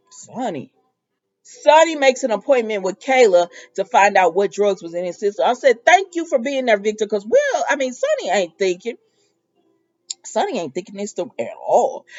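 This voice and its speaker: Give me a chatty woman recapping a soap, mellow and a bit muffled. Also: medium pitch, moderate pace. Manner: animated storytelling, sassy asides to characters. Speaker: soap opera recap vlogger. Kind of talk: casual recap with quoted dialogue.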